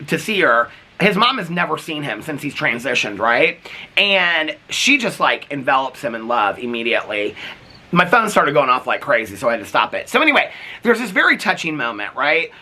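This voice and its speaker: Man, TV reaction vlogger, sassy and expressive, bright tone. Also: a little high. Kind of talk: casual chat recapping a reality show.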